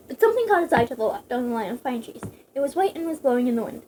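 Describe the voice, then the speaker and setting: Reader: high-voiced woman, narrating a book aloud with giggly asides. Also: expressive, fast, warm tone, a little hiss or hum. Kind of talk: reading a novelization aloud with asides.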